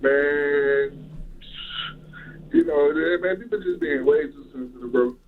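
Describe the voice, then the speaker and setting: Male caller, slow and easygoing, slightly high voice, phone-line audio. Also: a little hiss or hum. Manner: laid-back, casual slang. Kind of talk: call-in comment.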